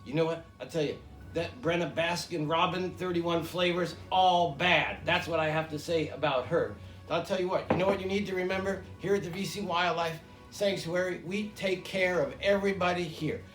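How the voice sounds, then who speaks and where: A man's voice: fairly high pitch, steady tone, moderate pace, a bit bright, natural voice. A man playing a brash, rambling male big-cat zoo owner in a comedy skit. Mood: boastful. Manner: rambling, boastful, repeats himself. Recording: echoey room with music behind.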